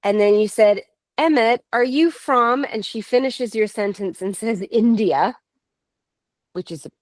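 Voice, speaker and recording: Slow-talking woman telling a ghost story. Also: a little high, no echo. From Canada. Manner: animated, laughs often, quotes others. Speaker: paranormal investigator guest. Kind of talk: casual storytelling.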